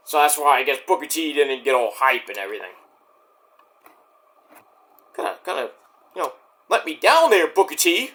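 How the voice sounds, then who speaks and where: A man recaps a wrestling show in a loose, chatty way, swearing freely and slipping into the wrestlers' lines. His voice sits a little high and swings up and down a great deal. The tone is bright and forceful. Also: very animated, brisk. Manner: profane, chatty, acts out quotes. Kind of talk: casual recap and review.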